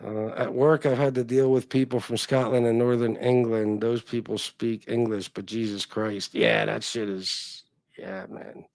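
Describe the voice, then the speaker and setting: A man's voice: medium pitch, flat delivery, unhurried, gravelly, a little mellow, no echo. A man hosting a livestream, chatting casually with viewers in a rambling, profane way. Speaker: livestream host. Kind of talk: casual chat.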